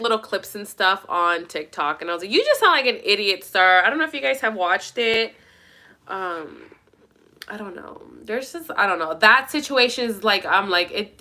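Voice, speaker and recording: A woman's voice: mid-range voice, sharp tone. A young woman talking casually to her viewers, rambling and emphatic, swearing a lot. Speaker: vlogger. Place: at her mother's home.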